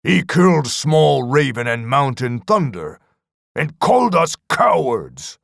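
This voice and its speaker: A man voicing a boastful ogre warrior in an audiobook, speaking loud, halting, broken sentences. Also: mid-range voice, big pitch swings, creaky, no room sound, clean studio sound, pitched above the performer's own voice, exaggerated voice. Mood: boasting.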